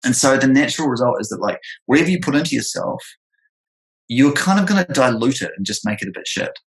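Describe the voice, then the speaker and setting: A young man in casual chat, rambling and animated, with many filler words. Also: mid-range voice, quick pace, rough recording. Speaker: photographer and former music producer.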